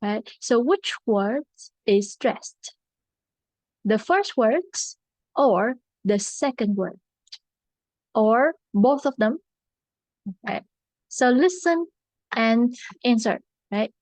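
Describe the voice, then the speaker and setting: A woman's voice: on the high side, expressive, extremely slow, pauses often, a little mellow, no echo, rough recording. A woman, an English teacher explaining vocabulary stress patiently and checking in often. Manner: patient, repeats checks like "okay" and "right". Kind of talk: classroom explanation.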